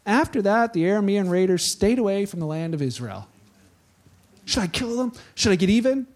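A pastor with a fairly high voice preaches a casual, conversational sermon. He tells the story in an animated way, slipping into the voices of the people in it. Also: normal speed.

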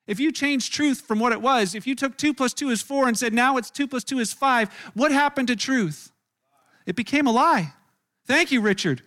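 A man preaching a sermon to a church room, telling the story in an animated way and acting out the voices of the people in it. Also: very high voice. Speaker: pastor.

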